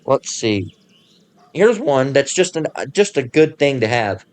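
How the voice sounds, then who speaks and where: A man hosting his own channel, ranting casually in a profane, rambling way and pausing to read passages aloud. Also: medium pitch, sing-song. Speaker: channel host.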